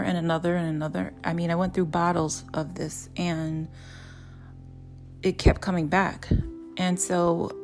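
A woman's voice: on the low side, a little mellow. A woman hosting a podcast, praying aloud, reading scripture and telling her own story in an earnest way, often restarting her sentences. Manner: earnest, with frequent restarts and repeated words. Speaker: podcast host. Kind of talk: prayer, Bible reading and personal testimony.

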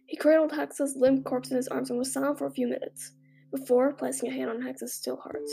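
A woman's voice: sits high, level tone, brisk, gravelly, mellow, slightly rough. A woman reading a fan story aloud with dramatic storytelling. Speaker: narrator. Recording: faint music behind. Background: faint music.

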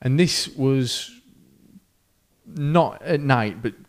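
Animated man telling a story. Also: mid-range voice, very slow. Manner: animated storyteller who acts out quoted voices, with fillers. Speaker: podcast co-host. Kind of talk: casual storytelling.

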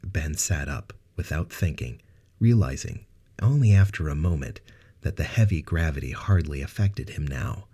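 A man narrating a science fiction audiobook in a steady, even reading. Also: a bass voice, normal speed, husky. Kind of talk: scripted narration.

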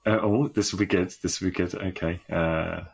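A man's voice: deep voice, fairly even intonation, normal speed, vocal fry, breathy edge. A man co-hosting a casual podcast, teasing his co-host with crude, joking banter.

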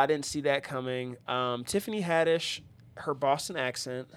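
A man chatting casually as a podcast host, his voice sitting at an ordinary middle pitch. He rambles along, leaning on fillers and restarting his sentences. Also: moderate pace. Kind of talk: casual chat.

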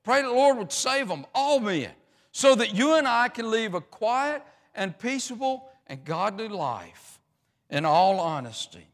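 A man with a high voice preaches in a folksy, rambling way, stumbling over restarts and fillers as he works through his points. His voice rings out through a church with a long, echoing reverb. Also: very animated, a little slow, a bit bright. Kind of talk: sermon.

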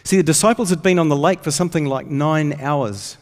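A man's voice: on the high side, a little fast. Earnest man preaching in echoing hall. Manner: earnest storytelling, rises when reading scripture. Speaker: pastor. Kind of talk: sermon. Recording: long hall reverb.

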